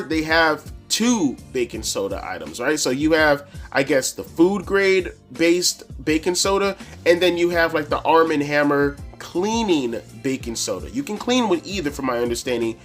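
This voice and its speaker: A man telling a casual, profane story to camera as a wrestling reviewer, animated and full of slang. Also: on the high side.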